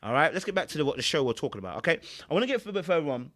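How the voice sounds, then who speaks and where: Male relationship coach, reaction host, emphatic and preachy, voice sits a bit high. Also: very animated, racing, fairly bright tone. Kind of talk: reaction commentary.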